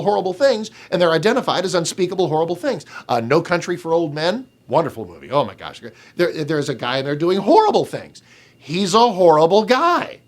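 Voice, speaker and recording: A man, a radio talk show host, giving an opinion video blog monologue in a sarcastic, mocking way, swinging between loud scorn and low asides.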